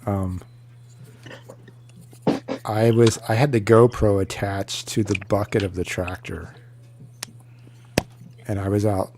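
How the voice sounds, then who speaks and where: A man's voice: fairly low pitch, dark tone. A man on a casual livestream chat who runs farm equipment. He tells a story in a laid-back, plain way.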